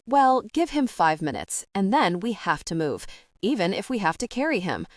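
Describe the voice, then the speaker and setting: A woman's voice: mid-range voice, sing-song, moderate pace, no room sound, clean studio sound, close to an everyday voice. A woman narrator voicing a brave young female witch who talks in a wry, direct way. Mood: determined. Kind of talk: audiobook character reading.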